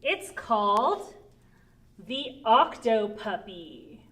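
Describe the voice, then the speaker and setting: A woman librarian hosting a preschool storytime, talking gently in a sing-song way to small children. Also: on the high side, big pitch swings, extremely slow.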